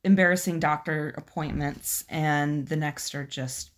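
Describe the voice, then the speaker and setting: A woman's voice: sits low, unhurried. A woman co-hosting a podcast, chatting casually and reading out funny stories with frequent giggles. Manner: giggly, animated storyteller. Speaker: podcast co-host.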